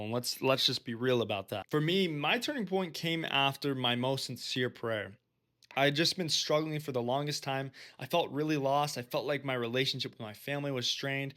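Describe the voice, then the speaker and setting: A man's voice: medium pitch, a bit bright. Earnest man giving faith-based advice. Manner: earnest, direct, preacher-like urging. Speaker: faith-based self-help video host. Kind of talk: earnest personal testimony to camera.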